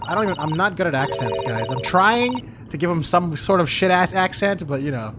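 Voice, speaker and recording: A male streamer casually commenting on a game and reading its dialogue aloud, swearing and joking in quick asides. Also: a little high, expressive, noisy background. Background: loud game music.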